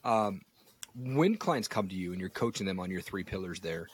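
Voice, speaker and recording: Low-voiced encouraging podcast host man. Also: lively intonation, normal speed, slightly rough. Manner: encouraging, affirming listener. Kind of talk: podcast interview.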